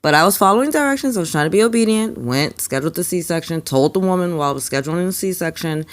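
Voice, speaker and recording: A young adult woman who works as a spiritual card reader tells a personal story emphatically and animatedly, acting out the quotes. Her voice is deep, and she talks quickly with few pauses.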